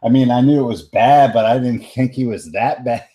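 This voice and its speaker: At medium pitch and normal speed, a young New York-accented man plays his tabletop game character in a mellow voice. The role-play is in character, brash, full of swearing and street talk.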